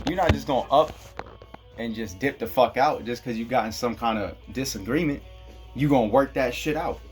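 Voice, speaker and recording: A man from Kansas delivering a rambling, profane casual monologue, chuckling at his own jokes. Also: medium pitch. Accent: Black American English. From Kansas, USA. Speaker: vlogger.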